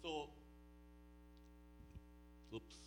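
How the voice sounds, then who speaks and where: A man in his sixties preaching a sermon, chatting with the congregation and then swelling into loud, slow, emphatic declaiming. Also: background noise. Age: 60s. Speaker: pastor.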